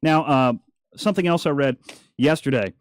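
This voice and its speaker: Speaking at a normal speed in a fairly high voice, this man hosts a talk radio show from a radio studio. His casual monologue is chatty, opinionated, and peppered with jokes on the side.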